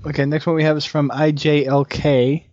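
A man's voice: a little high, flat delivery, normal speed, darkish tone, no room sound, lo-fi sound. A man co-hosting a casual gaming podcast, moving the show along and reading listener submissions aloud. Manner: keeps the show moving, reads submissions, laughs easily. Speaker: podcast co-host.

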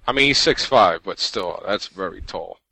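A man's voice: deep voice, animated, normal speed, gravelly, sharp tone, husky, dry recording, low-quality recording. A man co-hosting a podcast, talking in a casual, rambling way with many restarts. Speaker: podcast co-host. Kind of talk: casual chat.

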